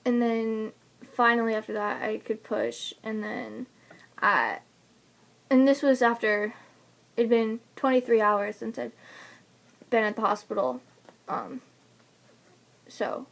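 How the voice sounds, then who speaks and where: A woman's voice: a little high, takes it slowly, vocal fry, pauses often. A young woman casually telling the story of giving birth, chatty and laughing often between fillers. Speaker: new mother telling her birth story. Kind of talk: casual personal vlog storytelling.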